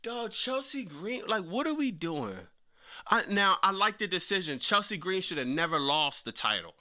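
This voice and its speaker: A man's voice: sits high, sing-song, moderate pace, sharp tone. A young man hosting a casual live stream, talking in slang and reacting to his chat. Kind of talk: casual wrestling commentary livestream.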